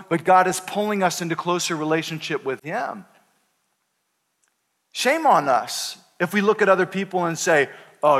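Pastor preaching, lively storytelling, kinda high voice, long hall echo. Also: male voice. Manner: animated storytelling with playful voices for characters. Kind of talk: sermon. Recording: hall reverb.

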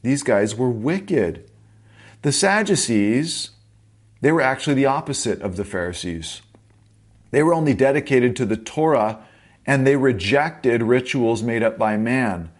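A man's voice: mid-range voice, lively intonation, measured pace. A male pastor preaching a sermon, reading scripture and then teaching with punchy rhetorical questions.

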